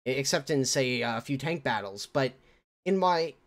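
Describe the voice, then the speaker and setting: A man's voice: mid-range voice, lively intonation, normal speed. A man on a gaming podcast giving his opinions, hesitant and full of fillers. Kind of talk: casual gaming podcast chat.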